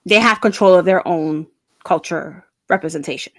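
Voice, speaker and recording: A woman's voice: lowish voice, moderate pace, dry recording. Chatty woman co-host, dry sound. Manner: chatty, laughs often. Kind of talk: casual podcast chat.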